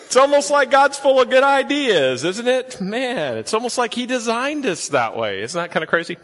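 A man's voice: very high-pitched, sing-song, normal speed, a bit bright. A man preaching a sermon in a church, telling stories in a chatty way and asking the congregation questions. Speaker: pastor. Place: church sanctuary. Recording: long hall reverb.

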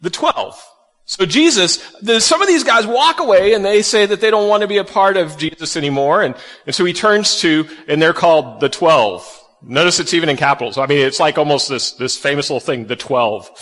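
A man's voice: fairly high pitch, expressive, fairly quick, fairly bright tone, long reverb tail. A man preaching a conversational sermon, asking his listeners questions as he walks through scripture. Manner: conversational, asks the audience questions. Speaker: pastor.

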